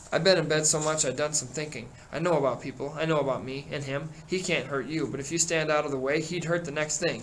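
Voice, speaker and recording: A man's voice: a little high, a bit bright, a little hiss or hum, close to an everyday voice, rough recording. A man doing a fretful bespectacled boy. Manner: fretful, pleading. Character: bespectacled anxious boy, fussy and reasoning. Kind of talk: reading a novel aloud.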